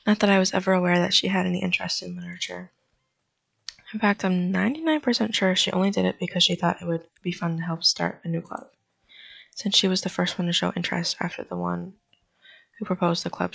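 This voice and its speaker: A woman's voice: fairly low pitch, steady tone, fast talker, gravelly, a bit bright. A woman hosting a gaming channel, reading a visual novel's narration aloud with dry, wry asides.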